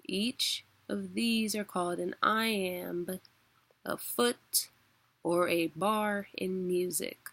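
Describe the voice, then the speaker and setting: A young woman teaching a weekly online class in a relaxed, chatty way, laughing often. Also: mid-range voice, very slow. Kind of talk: casual spoken lesson.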